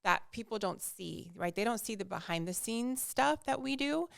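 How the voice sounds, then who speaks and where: A woman mortgage lender as a guest in a casual podcast chat, explaining her work in steady, full points. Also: mid-range voice, moderate pace, gravelly, clear, resonant tone, no echo, studio quality.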